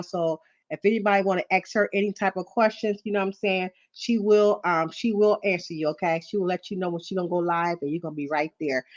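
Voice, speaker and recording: A middle-aged woman hosts a YouTube livestream, chatting casually but nervously and apologetically, with many ums and you-knows. Her voice is fairly low, and the highs are cut off.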